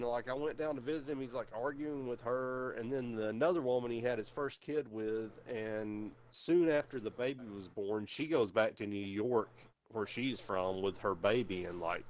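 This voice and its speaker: A young man chatting on a stream, winding through a long story with constant fillers and swearing. His voice sits at an ordinary middle pitch, and he backtracks and restarts often. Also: moderate pace. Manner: rambling, profane, many fillers. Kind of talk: casual chat.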